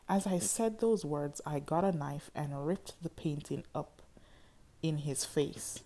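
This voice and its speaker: Brief: woman audiobook reader, low voice, unhurried, dramatic first-person narration. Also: warm tone.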